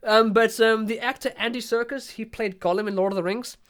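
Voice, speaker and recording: A man from South Africa with a South African accent, hosting a casual podcast interview, chatty and quick to laugh, often repeating words as he talks. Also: high-pitched, steady tone, fairly bright tone. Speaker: podcast host.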